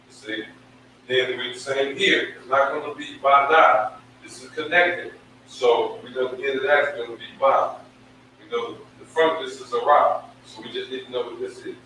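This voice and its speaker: A man's voice: mid-range voice, moderate pace, bright, forceful tone. A man giving a scripture lesson, emphatic, repeating himself and stretching out each syllable. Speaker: religious teacher. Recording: very echoey room, from far off, faint noise.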